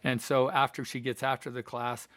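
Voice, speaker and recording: A man's voice: mid-range voice, level tone, normal speed, a bit bright, dry recording. A middle-aged man giving an earnest motivational talk, explaining with personal stories and questions to the viewer. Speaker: life coach.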